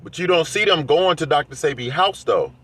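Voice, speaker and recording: A man's voice: a little high, lively intonation, a little fast, fairly bright tone. A man vlogging in a heated, defensive rant, airing grievances to his viewers. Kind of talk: casual rant to camera.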